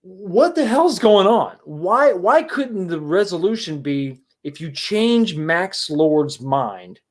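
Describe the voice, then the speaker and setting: A man with a high, sing-song voice reviews a movie slowly on a casual livestream while answering chat. He rambles and sounds exasperated, blunt and profane. He restarts a lot and asks many rhetorical questions.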